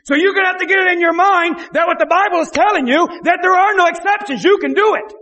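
A male pastor preaching an impassioned sermon, often shouting and repeating his phrases. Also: very high-pitched, quick pace, big-room sound.

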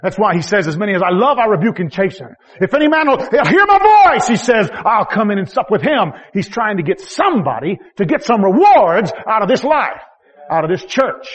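With a breathy edge and lo-fi sound, a man preaches in a folksy, self-deprecating way, posing rhetorical questions and swinging between loud, high exhortation and quiet, low asides.

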